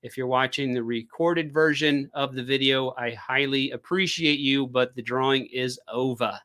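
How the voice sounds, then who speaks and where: A man's voice: medium pitch, steady tone, normal speed, fairly bright tone. A man hosting a casual live stream, chatty and rambling, with frequent fillers, talking into a desk microphone. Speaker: crypto live stream host.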